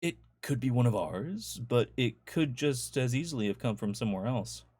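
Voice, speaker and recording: A man's voice: mid-range voice, animated, normal speed, a little mellow, breathy edge, dry recording, voice pushed up. A man doing a polite shop vendor. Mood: offhand. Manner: polite, offhand.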